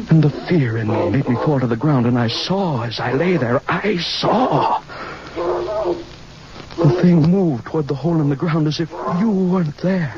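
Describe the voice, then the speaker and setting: An actor playing a haunted, guilt-ridden man in a 1950s-style radio drama, tense and breathless, sometimes anguished. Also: on the high side. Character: haunted middle-aged male gardener-scientist, guilt-ridden. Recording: hissy dull old radio recording.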